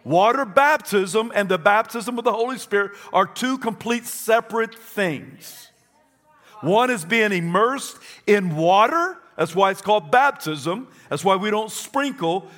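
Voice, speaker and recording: A man's voice: high-pitched, animated, measured pace, a bit bright. A man preaching a sermon to a congregation, emphatic and repetitive, leading them to say phrases back. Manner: emphatic, repeats phrases for the crowd. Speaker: pastor. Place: church.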